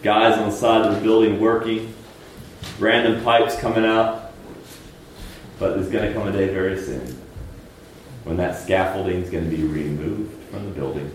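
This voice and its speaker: A man preaching a sermon, moving between loud emphatic peaks and hushed low lines and asking the congregation rhetorical questions. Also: moderate pace, long pauses, heavy reverb, a little hiss or hum, poor audio.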